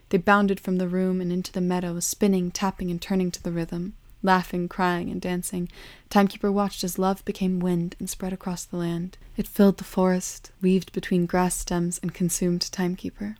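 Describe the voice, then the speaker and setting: Calm woman storyteller, low even delivery, dry close sound. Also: no room sound. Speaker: narrator. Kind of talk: storybook narration.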